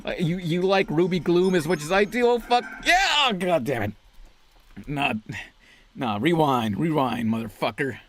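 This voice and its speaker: A man's voice: on the high side, lively intonation, normal speed, a bit bright. A man in a video telling an awkward personal story while gaming, hesitant, stammering and self-deprecating. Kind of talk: vlog storytelling over gameplay.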